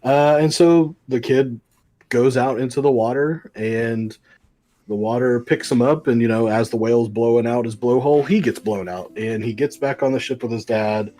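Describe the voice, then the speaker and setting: A man's voice: medium pitch, fairly even intonation, normal speed, mellow. A man co-hosting a comic book podcast, retelling a story in a rambling, casual way with many ums and likes. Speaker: podcast co-host.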